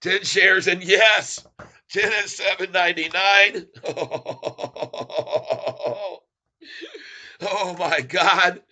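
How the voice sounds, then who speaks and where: A gleeful, excitable man narrating his stock trades live as the numbers tick by. His voice sits a little high and comes across sharp and forceful, and he keeps chuckling at the market. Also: very slow. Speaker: stock-trading streamer. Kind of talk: live stock-trading commentary.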